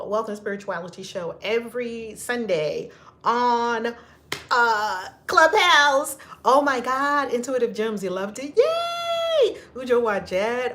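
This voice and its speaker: A woman hosts a casual live stream in a somewhat high voice. She gushes, laughs easily and calls out to viewers by name. There is a faint noise under her voice. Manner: animated and effusive, greets viewers by name, laughs often. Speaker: livestream host.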